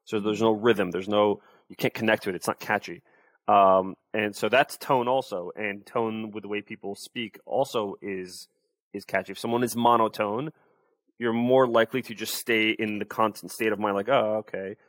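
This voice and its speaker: A man's voice: on the low side, steady tone, normal speed, no echo. A young adult man, a sales coach, explaining and demonstrating tones of voice in a casual interview.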